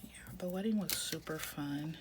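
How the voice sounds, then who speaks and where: A woman in her thirties with a lowish voice, talking in a soft, half-whispered way as she chats through her journaling. She rambles easily with plenty of filler words. A steady hiss of background noise sits under the recording. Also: moderate pace. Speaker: planner vlogger. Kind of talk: casual chat while journaling.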